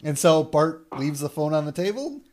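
Podcast host, man, slightly high voice, chatty plot recap. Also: big pitch swings, normal speed, a little mellow. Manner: chatty storyteller, laughs often. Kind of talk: casual chat, recapping a cartoon episode.

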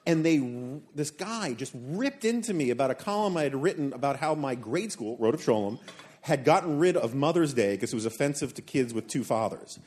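Animated man telling a story on stage. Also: medium pitch, a little fast, slightly rough. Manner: animated anecdote teller, quotes people in lively voices. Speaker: podcast panelist telling a story. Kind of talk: live podcast storytelling on stage. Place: hotel event room with a live audience.

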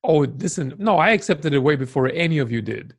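A man's voice: on the high side, a little fast, breathy edge. A man co-hosting a podcast in casual chat, telling stories and teasing his partner. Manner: animated storyteller, teasing. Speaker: podcast co-host.

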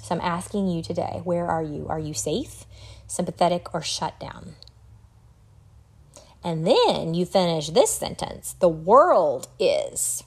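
A middle-aged woman hosting a solo podcast, talking in an earnest, reflective way with an occasional soft laugh. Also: fairly low pitch, animated, measured pace, long pauses, slightly rough. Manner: earnest, reflective, laughs softly now and then. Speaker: podcast host. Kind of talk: solo podcast talk on wellbeing.

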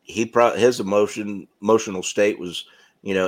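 A man's voice: on the low side, steady tone, normal speed. A man co-hosting a casual sports podcast, laughing often and trading competitive banter. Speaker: podcast co-host.

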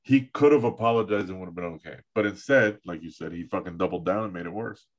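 A man's voice: sits low, quick pace, dull audio. A man hosting a casual podcast chat, loose and profane, reading out news items between banter. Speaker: podcast host.

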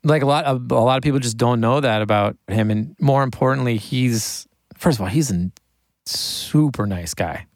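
A man, a guest talking about mixing records in a casual interview, rambling and animated and laughing often. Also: mid-range voice, moderate pace, dry recording, clean studio sound. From United States.

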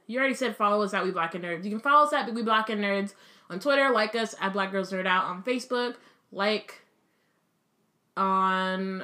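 A woman's voice: medium pitch, pushed and bright. A tired woman co-hosting a podcast, chatting casually with lots of fillers and frequent laughs. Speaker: podcast co-host. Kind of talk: casual chat.

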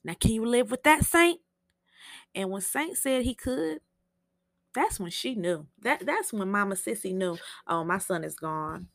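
A woman's voice: on the high side, lively intonation, unhurried, dry recording, studio quality. A young woman hosting a TV recap podcast, telling the episode in a blunt, profane, chatty way. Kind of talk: casual spoken show recap.

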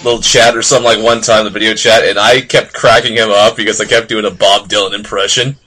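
A man's voice: fairly low pitch, fairly even intonation, fast talker, bright, forceful tone, slightly rough. A man on a casual podcast, giggling and rambling through his stories. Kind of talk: casual banter.

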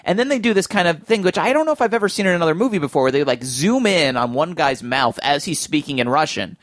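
A man's voice: fairly high pitch, animated, fast talker, fairly bright tone, no room sound. Chatty man with a dry close sound. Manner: chatty and enthusiastic, thinking aloud. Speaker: film podcast host. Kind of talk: casual film discussion.

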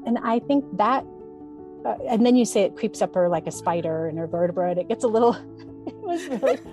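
A woman's voice: medium pitch, animated, brisk, warm tone, soft background music. A woman interviewing an author in a chatty, rambling, enthusiastic way. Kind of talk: casual conversation.

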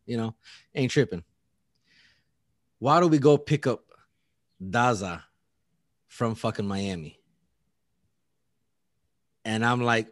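A man's voice: mid-range voice, takes it slowly, pauses often, dry recording, clean studio sound. A man casually telling a story, acting out quotes, laughing often and swearing.

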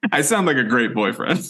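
A man's voice: medium pitch, pushed and bright. A young man in his twenties co-hosting a casual podcast, joking and swearing as he tells stories and recaps an episode. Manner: joking, profane, storytelling. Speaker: podcast co-host.

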